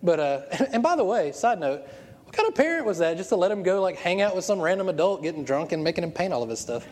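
A man preaching a sermon as pastor, telling stories in an animated way with frequent laughter. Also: high-pitched, quick pace. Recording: long hall reverb.

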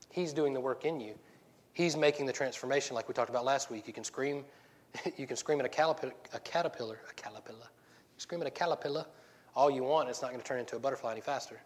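Pastor, male, heartfelt sermon delivery with laughter and sudden lifts; mid-pitched voice in a reverberant church hall. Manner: emotional, laughs often, rising to excited bursts. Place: church sanctuary.

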